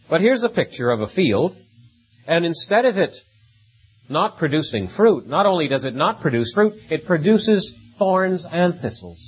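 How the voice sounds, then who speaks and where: A man's voice: on the high side, highs cut off, slight background noise. A man preaching a sermon in a conversational way, often tagging rhetorical questions onto his points.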